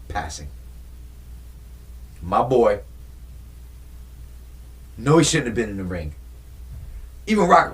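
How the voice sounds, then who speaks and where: Animated young man retelling movie scenes. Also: mid-range voice. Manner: animated storytelling, acts out movie lines. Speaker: vlogger. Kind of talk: casual movie-talk vlog.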